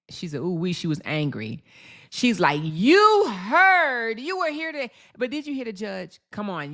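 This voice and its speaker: A young woman with a low voice hosts a casual livestream, talking straight to her viewers and reacting to their comments. Her pitch leaps way up when she gets worked up, then drops back to her low, easy talk. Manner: chatty, addresses viewers directly, reads out chat; animated, jumps up sharply in pitch when excited. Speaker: livestream host.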